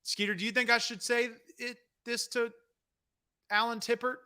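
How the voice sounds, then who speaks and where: A man's voice: extremely high pitch, little pitch movement, moderate pace, sharp tone, smooth. A man hosting a comedy wrestling talk show, rambling casually through viewer questions with self-deprecating asides.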